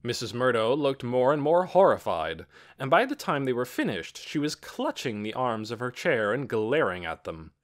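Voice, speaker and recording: A man reading a children's storybook aloud in an expressive, animated way. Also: medium pitch, normal speed. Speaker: audiobook narrator. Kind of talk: scripted storybook narration.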